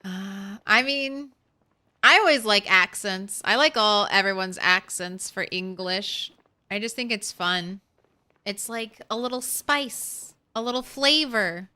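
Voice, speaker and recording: A woman streaming a game and chatting to her viewers in a loose, rambling way. Her voice is bright and clear, with a crisp, smooth tone. She takes her time, speaking at an unhurried pace. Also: medium pitch. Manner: chatty, rambling, talks to chat. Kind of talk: casual gameplay commentary.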